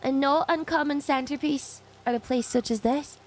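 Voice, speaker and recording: A woman voicing a composed male detective in a put-on Irish accent. She reads his game narration in measured, formal lines. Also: high-pitched, slight background noise, natural voice. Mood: wary. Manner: measured, formal storybook phrasing. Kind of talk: reading game narration in character.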